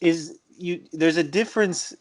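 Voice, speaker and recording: A man's voice: fairly high pitch, measured pace. A man hosting a podcast in casual chat, upbeat and laughing often. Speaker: podcast host.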